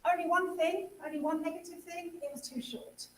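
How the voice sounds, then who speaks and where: A high-pitched woman addresses a school audience, repeating words as she thanks everyone. She sounds roomy, with faint noise behind her. The recording is from an assembly hall. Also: steady tone, a little fast. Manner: warm thanks, repeats words, switches briefly to Italian. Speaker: English teacher hosting a school speech event. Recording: echoey hall, from some distance.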